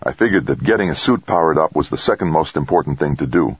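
A man voicing a steady, practical male astronaut who talks in short, terse phrases. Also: very deep voice, fast, breathy edge, no room sound, muffled recording, heavily acted.

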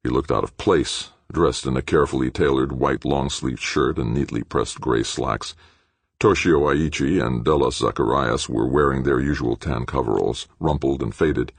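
Gravelly deep-voiced man narrating. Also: normal speed, no echo. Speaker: audiobook narrator. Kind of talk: scripted narration.

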